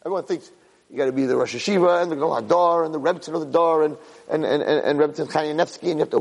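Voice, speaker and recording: A man giving an animated Torah class. He repeats phrases for emphasis and mixes Hebrew terms into his English. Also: a little high, very fast, gravelly, in a large hall, low-quality recording. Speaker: Torah teacher. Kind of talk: Torah class on the weekly portion.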